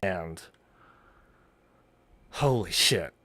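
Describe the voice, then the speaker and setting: A man streamer talks over a video in loose, profane commentary, rambling and cutting himself off. His pitch swings widely as he talks. The sound is close and dry, with no room around it. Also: expressive, drawn-out words, pushed and bright, no echo. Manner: rambling, swearing, frequent restarts and laughter.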